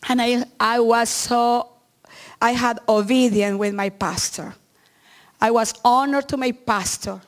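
A middle-aged woman pastor, not a native English speaker, preaching a sermon in earnest, halting English with frequent restarts. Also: a little high, fairly even intonation.

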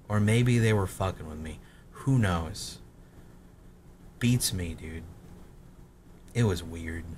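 This late-twenties man sits low in pitch, and his voice cracks as he looks back on his old gaming videos with loose, profane, self-deprecating chatter. A little hiss or hum runs under the recording.

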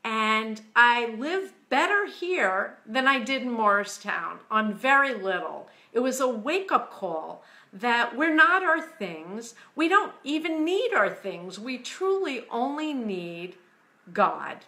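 A woman from the United States telling a personal story slowly and earnestly, getting emotional at times. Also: fairly high pitch, big pitch swings. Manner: slow, earnest storytelling, quiet and hushed when quoting God. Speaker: author. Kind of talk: personal testimony.

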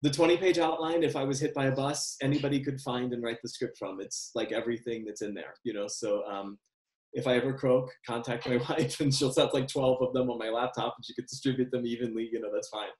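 A man's voice: mid-range voice, steady tone, brisk, a little mellow. A male screenwriter answering interview questions on a video call, rambling and correcting himself as he goes, laughing often. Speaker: screenwriter guest. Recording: roomy echo.

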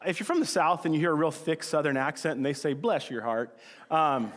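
A male pastor giving a casual, joking sermon, with quick acted-out asides. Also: a little high, a bit bright. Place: church hall. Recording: church hall with long reverb.

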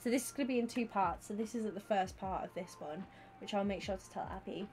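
A young woman streaming live, chatting with her viewers in an excitable, rambling way. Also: mid-range voice, fast, faint music behind. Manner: chatty and excitable, talks to chat by name. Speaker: Twitch streamer. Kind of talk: casual livestream chat with viewers.

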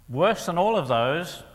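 Male Bible teacher, mid-pitched and gravelly; emphatic lecture delivery, frequent throat-clearing. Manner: emphatic, asks the audience rhetorical questions. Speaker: Christian teacher. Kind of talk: lecture-style teaching talk. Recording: long hall reverb.

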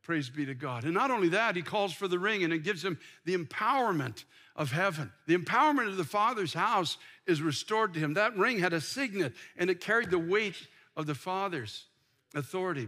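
A man's voice: high voice, animated, a little fast, pushed and bright. An older man preaching a sermon from a church pulpit, impassioned and full of restarts. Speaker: pastor. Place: large church sanctuary.

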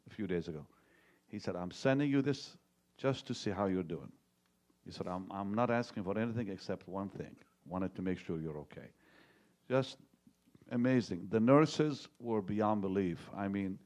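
Pastor in his sixties, low-voiced man, tells sermon stories in a chatty way, from loud jokes to near-whispers. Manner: conversational storytelling, swings from loud jokes to hushed tones.

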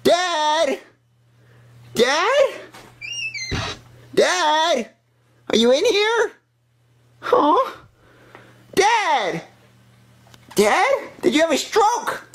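A woman's voice: very high voice, big pitch swings, extremely slow, pauses often, slight background noise, full character voice. A woman voicing a whiny, tattling young boy in a comedy puppet video, childish and bratty. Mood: worried. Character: bratty young boy playing with toy cars.

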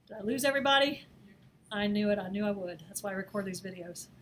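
A woman teaching a screen-recorded design software lesson, talking in a chatty, playful way and laughing at herself as she works. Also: medium pitch, fast, a little hiss or hum. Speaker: design instructor. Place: office or classroom.

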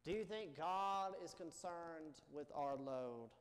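A pastor giving a Sunday sermon in a measured, emphatic preaching manner full of rhetorical questions. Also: male voice, fairly high pitch. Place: church sanctuary. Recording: long church reverb.

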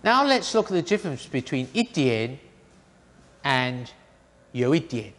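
A man teaching a grammar lesson, explaining slowly and deliberately and reading out example sentences. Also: medium pitch, very animated, fairly bright tone, in a large hall. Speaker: Chinese language teacher.

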